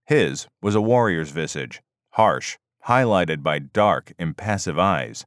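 A man narrating a novel in a steady, measured storytelling voice. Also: deep voice, clear, resonant tone, no room sound, studio quality. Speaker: audiobook narrator. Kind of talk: scripted narration.

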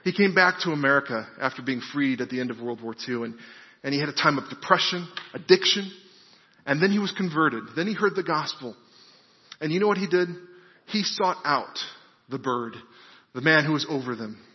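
A man's voice: a little high, expressive, a little fast, long reverb tail, highs cut off. A man preaching a sermon who keeps asking his listeners questions and repeating phrases for emphasis. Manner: preaching with rhetorical questions and repetition. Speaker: pastor.

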